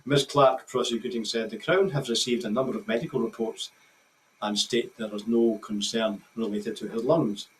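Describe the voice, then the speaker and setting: A man's voice: mid-range voice, fairly even intonation, moderate pace. A man with a Scottish accent presenting a news bulletin, reading steadily with occasional stumbles and restarts. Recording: slightly distant mic with faint background noise.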